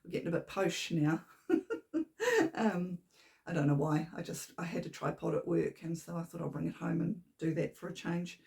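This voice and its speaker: Gravelly-voiced New woman chatting. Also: fairly low pitch, little pitch movement, brisk, darkish tone. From New Zealand. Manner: chatty and rambling, with little laughs. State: slightly shaky voice. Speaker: knitting podcast host. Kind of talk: casual chat. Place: home room. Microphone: camera on a tripod.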